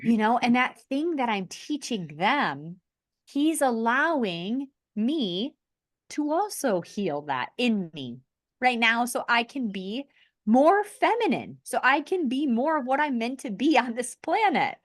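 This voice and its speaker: A woman on a podcast, speaking earnestly and from the heart about spiritual growth, often pausing to restart her thoughts. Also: on the high side, very animated, no echo, studio quality. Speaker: podcast host. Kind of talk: conversational podcast sharing.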